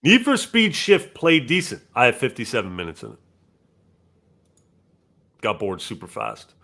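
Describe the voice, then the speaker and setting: A man chatting casually on a podcast and telling animated stories, with a father's everyday voice. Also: mid-range voice, unhurried. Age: adult with a child. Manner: animated storytelling, acts out strangers' lines. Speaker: co-host reading super chats.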